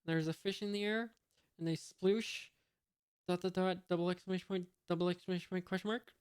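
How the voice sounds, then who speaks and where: Monotone reader reading a comic aloud. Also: medium pitch, fairly quick, smooth. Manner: reads out sound effects and punctuation marks, with many hesitations and asides.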